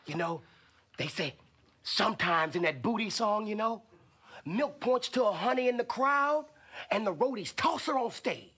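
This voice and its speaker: Man, sitcom, wisecracking, high lively voice, laugh track and music. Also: moderate pace, husky. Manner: wisecracking, exaggerated. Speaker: sitcom character. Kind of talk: sitcom acting.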